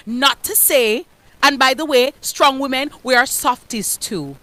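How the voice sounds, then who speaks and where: A Jamaican radio host giving forceful motivational talk, dropping into patois. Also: female voice, sits high, measured pace, no echo. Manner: forceful, emphatic, mixes patois into her speech. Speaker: radio host, guest speaker. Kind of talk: motivational preaching.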